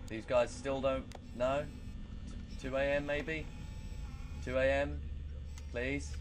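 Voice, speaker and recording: Nervously playing through a horror game for his channel, this host curses heavily and pokes fun at himself. He speaks at medium pitch over some background noise.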